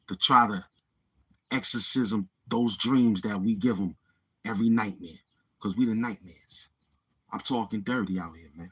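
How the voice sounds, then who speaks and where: A man's voice: lowish voice, a bit bright, slightly rough. A man with a New York accent hosting a livestream, boasting and taunting his chat in street slang. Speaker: livestream host. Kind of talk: live-stream trash talk.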